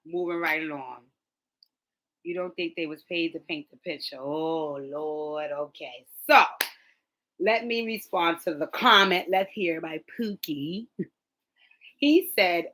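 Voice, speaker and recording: A woman talks straight to her viewers in a loose, blunt vlog rant. Her voice is bright and forceful, and she repeats phrases to drive her points home. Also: low voice, slow, rough recording. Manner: blunt, animated, repeats lines for emphasis. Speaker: host. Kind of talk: casual opinion vlog.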